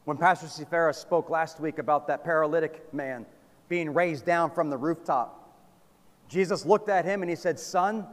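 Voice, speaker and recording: A man preaching a sermon, swinging from loud calls down to hushed, low lines. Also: normal speed. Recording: long hall reverb.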